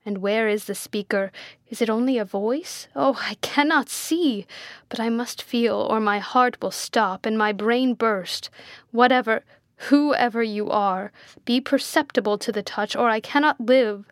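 A woman reading as an anguished blind gentleman. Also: mid-range voice, fairly even intonation, normal speed, no echo, studio quality, lightly acted. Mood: desperate. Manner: impassioned, imperious, pleading. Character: blind anguished middle-aged gentleman, commanding and desperate. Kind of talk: audiobook character reading.

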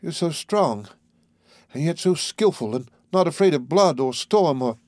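A man reading aloud, voicing a delicate young wife who speaks softly and pleadingly in a storybook. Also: fairly high pitch, normal speed, no echo, clean studio sound, voice pushed up, close to an everyday voice. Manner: soft, breathless, pleading.

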